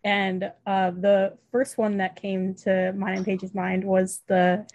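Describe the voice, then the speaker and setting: A woman's voice: medium pitch, flat delivery, slow, darkish tone, no room sound, dull audio. A young woman co-hosting a casual fan podcast, chiming in with short remarks and giggles. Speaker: podcast co-host.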